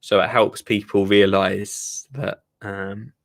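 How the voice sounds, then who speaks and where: A man's voice: lowish voice, fairly even intonation, slow, gravelly. A man hosting a live gardening show, chatting casually and rambling to his viewers. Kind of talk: casual live-stream chat.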